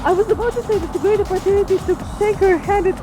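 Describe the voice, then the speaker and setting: A woman's voice: very high voice, quick pace. A woman co-hosting a game stream, teasing and bantering with her partner. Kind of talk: casual gameplay chat. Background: game music.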